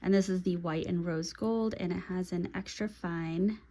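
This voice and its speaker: Young woman, lowish voice, casual chatty vlogger talking as she writes. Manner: chatty and relaxed, with pauses while writing. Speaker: pen and planner video creator. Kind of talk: casual vlog talk while writing.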